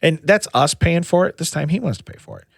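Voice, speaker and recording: A man's voice: fairly high pitch, expressive, fast talker, vocal fry, dry recording, studio quality. Middle-aged man telling a rambling story. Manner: rambling storyteller, many restarts and "you know". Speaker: podcast co-host. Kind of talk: casual chat.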